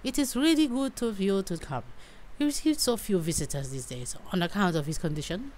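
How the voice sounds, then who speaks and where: A woman's voice: medium pitch, expressive, a little fast, darkish tone, slight background noise, close to an everyday voice. A woman voicing a flustered older female housekeeper in a game, fussy and apologetic.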